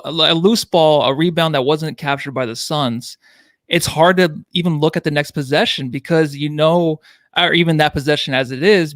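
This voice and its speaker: Earnest male co-host, slightly high voice. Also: a bit bright, no room sound, studio quality. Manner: earnest, effusive, rushing and correcting himself. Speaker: podcast co-host and writer. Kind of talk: casual podcast chat.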